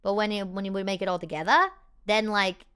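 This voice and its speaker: A woman answers viewer questions in loose, easygoing chat. Her voice is bright and smooth. She rambles, restarts sentences, leans on fillers and laughs often. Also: mid-range voice, steady tone, fairly quick. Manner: laughs easily. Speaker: performer hosting a live Q&A.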